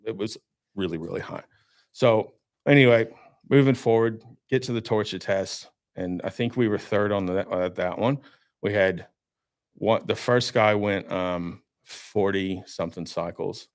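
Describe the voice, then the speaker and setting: A low-voiced man talks in a podcast studio, recorded close and dry. He tells his story with animation and plays out his own reactions as he goes. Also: a little slow, no echo. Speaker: guest, marine winch maker. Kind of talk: casual studio podcast chat.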